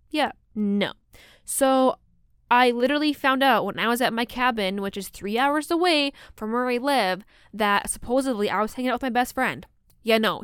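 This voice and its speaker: A woman's voice: fairly high pitch, a bit bright, clear, resonant tone, no room sound, studio quality. A woman in her twenties hosting a casual solo podcast, telling stories bluntly with plenty of swearing and frequent laughs. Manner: blunt, profane and laughing often. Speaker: podcast host.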